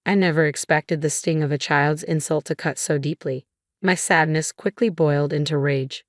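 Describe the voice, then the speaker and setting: Low-voiced woman narrating a story. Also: steady tone, moderate pace, no echo, clean studio sound. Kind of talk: first-person scripted story narration.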